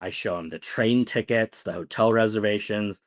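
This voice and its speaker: A man's voice: lowish voice, moderate pace. A man co-hosting a podcast, telling a long story casually with many fillers. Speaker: podcast co-host.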